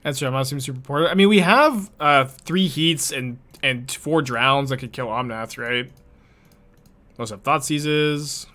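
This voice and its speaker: A man's voice: medium pitch, measured pace, bright, forceful tone. A man streaming a card game, thinking his plays through aloud in casual chat and answering viewers' questions as he goes. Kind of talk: casual live-stream gameplay commentary.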